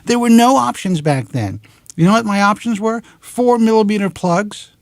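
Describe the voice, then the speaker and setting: A talk show host in his forties with a New York accent, worked up and exasperated as he rants into a close mic. His voice sits a touch high for a man. The sound is dry and close, with no room around it. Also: normal speed, vocal fry, no echo. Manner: animated, exasperated, swears in clipped letters. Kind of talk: ranting monologue. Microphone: close studio mic.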